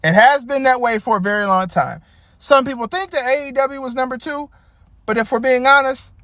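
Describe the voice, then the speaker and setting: Profane high-voiced man ranting. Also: no room sound. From Detroit area. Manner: profane, rambling, animated. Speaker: wrestling commentator. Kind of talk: casual rant.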